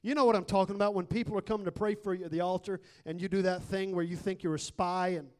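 High-voiced preacher man. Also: fairly even intonation, quick pace. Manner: builds from storytelling to shouted preaching. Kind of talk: sermon.

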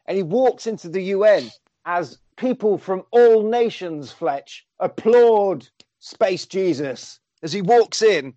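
Male co-host, slightly higher voice, rambling comic recap, dry dull lo-fi sound. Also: animated, slow pace, mellow, dry recording. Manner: swearing, rambling storyteller who acts out quotes. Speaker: podcast co-host. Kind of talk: casual comedic film recap.

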